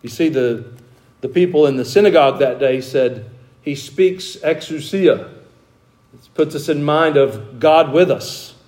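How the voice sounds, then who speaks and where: A man with a slightly high-pitched voice delivers an expository sermon from the front of a church. He slows down to lean on the key words and reads scripture aloud between his points. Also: a little mellow. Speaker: pastor. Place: church sanctuary.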